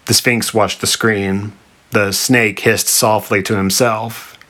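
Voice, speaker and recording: A man reads a comic story aloud in a dry, deadpan narrator's voice. His pitch sits low. The sound is bright and forward. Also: slow pace.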